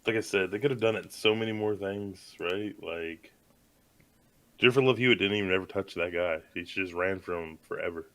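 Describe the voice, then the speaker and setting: A man with a low-sitting, slightly bright voice talks a little fast. Co-hosting a movie podcast, he chats casually, rambling and joking with plenty of fillers.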